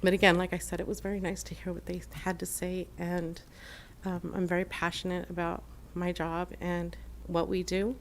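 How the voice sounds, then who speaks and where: A woman's voice: on the low side, level tone, normal speed, a little hiss or hum. A woman giving an earnest, emotional public comment at a city council meeting, with many fillers and restarts. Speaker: shelter program manager giving public comment. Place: council chamber.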